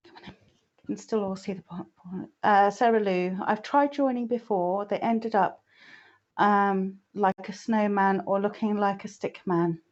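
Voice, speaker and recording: Woman, live-stream host, chatty, mid pitch, muffled lo-fi sound. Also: unhurried. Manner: chatty, warm greetings, frequent "oh, bless". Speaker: psychic artist reading for viewers. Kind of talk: live-stream chat greeting viewers. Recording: dull lo-fi stream audio.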